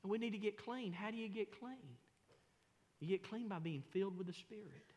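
A middle-aged man, preaching a sermon as pastor in a folksy, animated, self-mocking storytelling way. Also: high voice, normal speed. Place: large church sanctuary. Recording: long hall reverb in a church.

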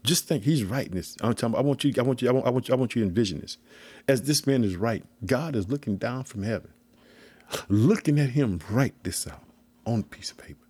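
A man's voice: mid-range voice, expressive, quick pace, dark tone, breathy edge, no echo. A man giving an informal sermon on scripture, emphatic and repetitive, calling his listeners family. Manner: emphatic, repeats himself, calls listeners "family". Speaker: preacher teaching scripture.

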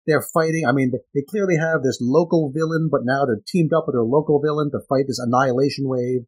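A man co-hosting a comic book podcast, talking in a measured, explanatory way. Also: medium pitch, darkish tone, breathy edge. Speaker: podcast co-host. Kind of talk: casual comic book review chat.

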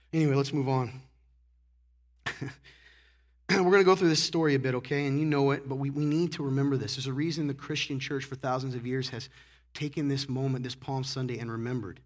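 A man preaching a sermon, joking and animated, acting out little scenes and clearing his throat often. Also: mid-range voice, fairly quick, pauses often. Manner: joking, animated, acts out characters. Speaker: pastor.

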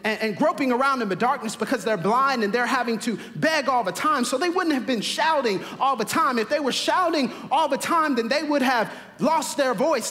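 High-voiced, bright preaching man. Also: in a large hall. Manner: preaching with rising, emphatic repetition. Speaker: pastor. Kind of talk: sermon. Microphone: camera mic, livestream to viewers.

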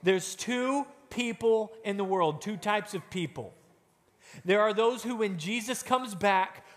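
A man giving a children's sermon, telling a story and acting out quotes with animated delivery. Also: sits high, takes it slowly. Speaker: children's pastor. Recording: long hall reverb.

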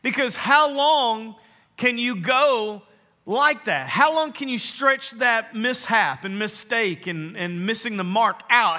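A man preaching a sermon to his congregation, earnest and emphatic, slowing down to stress key phrases. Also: very high voice, sharp tone. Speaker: pastor. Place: church sanctuary. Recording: long hall reverb.

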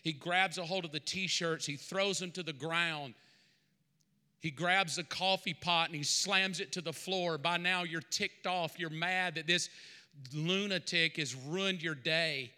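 A pastor preaches a storytelling sermon, drawing his listeners into the scene. His voice is bright and clean and sits a little high, with a long reverb tail from the hall around him. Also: unhurried, clear, resonant tone. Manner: storytelling, speaking in second person.

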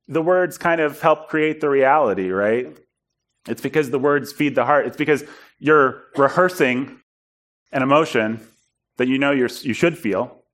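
A man preaching in a storytelling style, animated and self-deprecating, acting out bits of dialogue. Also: medium pitch. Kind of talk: storytelling sermon.

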